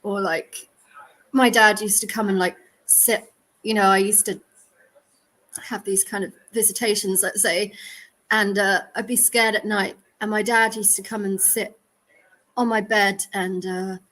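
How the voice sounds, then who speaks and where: A woman's voice: mid-range voice, fairly even intonation, measured pace, fairly bright tone, poor audio. Polite, hesitant woman on a video call. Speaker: round table participant. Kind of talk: online panel discussion.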